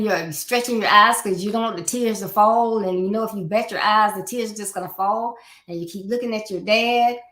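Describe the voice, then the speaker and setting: A woman hosting a podcast, giving an earnest, conversational motivational talk on parenting and asking rhetorical questions. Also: fairly high pitch. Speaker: podcast host. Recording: roomy echo.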